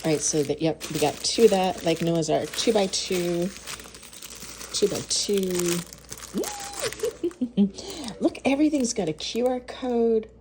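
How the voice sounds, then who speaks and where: A woman's voice: lowish voice, a little slow, noisy background. A woman food vlogger unboxing and tasting baked goods in her kitchen, gasping and gushing as she goes. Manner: gushing, gasps and moans over food. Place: home kitchen.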